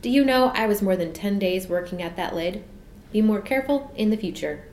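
A woman voicing a polite bear who speaks calmly and a little wryly. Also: mid-range voice, brisk, roomy sound, a little hiss or hum, lightly acted. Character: polite, calm male bear at a gate.

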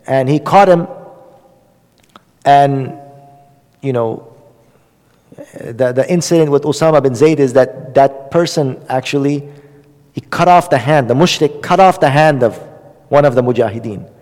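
A man's voice: medium pitch, unhurried, long pauses, darkish tone, long reverb tail. A man giving an Islamic religious lesson in a conversational way, with many fillers and repetition for emphasis. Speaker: religious lecturer.

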